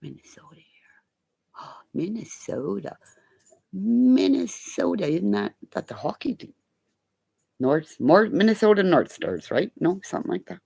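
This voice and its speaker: A middle-aged woman rambles through everyday stories in casual chat, swearing freely and acting out the voices of the people involved. Her voice sits low with a gravelly edge. She talks slowly, but her pitch swings widely. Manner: profane, animated, acts out quoted voices. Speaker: live streamer.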